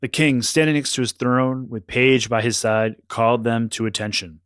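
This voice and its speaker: A man narrating a scripted children's story in a lively, expressive way. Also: mid-range voice, normal speed, clean tone, no echo.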